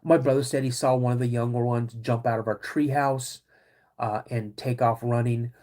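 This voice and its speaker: A man hosting a podcast, telling a personal story to his listeners in a casual, animated way and acting out the dialogue. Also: medium pitch, normal speed. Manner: animated, acts out quoted dialogue. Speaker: podcast host.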